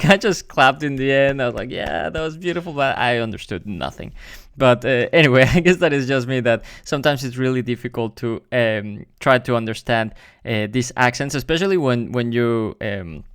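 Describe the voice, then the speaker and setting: A man's voice: medium pitch, a bit bright, clean tone, no room sound, clean studio sound. Hesitant man. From Mexico. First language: Spanish. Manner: hesitant, many fillers. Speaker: reaction channel host. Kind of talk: casual reaction commentary.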